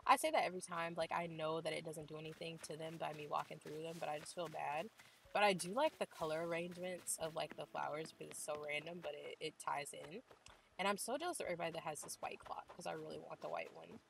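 Young woman, lowish voice, casual gaming host, gushing and chatty. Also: vocal fry, slight background noise, low-quality recording. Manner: chatty, gushing, says "like" constantly. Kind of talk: casual game tour commentary.

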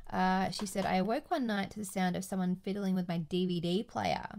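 Gravelly-voiced woman podcast host. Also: medium pitch, steady tone, a little fast, darkish tone. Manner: earnest, easily moved. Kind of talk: casual chat, reading listener stories.

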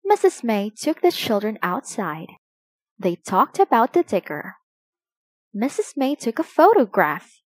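A woman reading a children's picture book aloud, slowly and expressively for young listeners. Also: fairly high pitch, big pitch swings, no room sound. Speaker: storybook reader.

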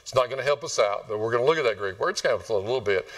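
A man's voice: medium pitch, lively intonation, very fast, fairly bright tone, recorded from a distance. A man preaching a sermon to his congregation in a conversational, joking way. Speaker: pastor. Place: church sanctuary.

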